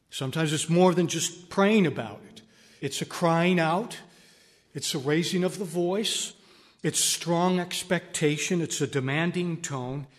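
A man's voice: a little high, big-room sound. A man giving a conversational Bible teaching, emphatic and repeating key phrases. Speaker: preacher. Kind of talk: sermon teaching on Scripture.

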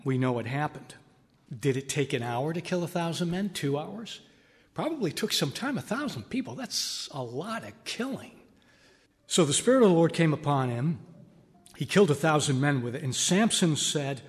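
A man preaches through a Bible passage in a loose, conversational way, pressing his points by repeating them. His voice sits a little high for a man, and each phrase rings out with a long reverb tail. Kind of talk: sermon teaching on Scripture.

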